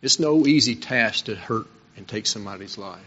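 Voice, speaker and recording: A man's voice: lowish voice, moderate pace, a bit bright, husky. A man preaching a sermon, telling his own story earnestly and with emphasis. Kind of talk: sermon with personal testimony. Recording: dull lo-fi recording.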